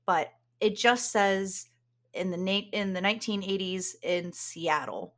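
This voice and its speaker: A woman's voice: medium pitch, measured pace, fairly bright tone. A woman co-hosting a podcast, explaining things in casual chat and laughing often. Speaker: podcast co-host.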